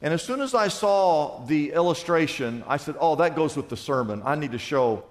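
Male pastor, high voice, emphatic sermon delivery, live church reverb. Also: animated, moderate pace. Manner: emphatic preaching with questions to the congregation. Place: large church sanctuary.

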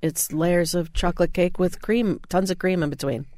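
A man's voice: high-pitched, normal speed, a little mellow, dry recording, studio quality. A man who is a chef guest, chatting casually and enthusiastically about food.

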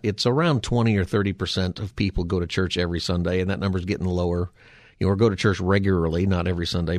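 A man with a low voice hosts a Christian call-in radio show and speaks as a pastor. His delivery is earnest and preacherly, with quick restarts, and he sounds close to a dry studio microphone. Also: dry recording.

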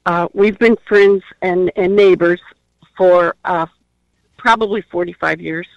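An older woman calling in by phone, speaking haltingly with many pauses and fillers. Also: fairly low pitch, fairly even intonation, creaky, dry recording. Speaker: caller. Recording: dull phone-line sound.

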